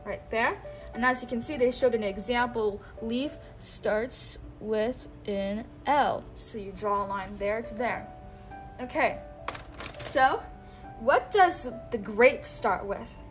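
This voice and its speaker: Slow, coaxing woman teacher. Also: on the high side, soft background music. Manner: slow, coaxing, repeats words for the child to echo. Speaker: teacher guiding a child. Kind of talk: patient one-on-one teaching.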